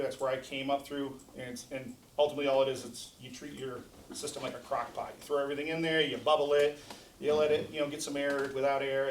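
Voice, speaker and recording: A man in his forties talks to a club in a casual, quick, self-deprecating way. His voice carries from a distance across a reverberant meeting hall, with a faint hum behind it. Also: medium pitch. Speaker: guest speaker. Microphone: distant mic after his mic failed.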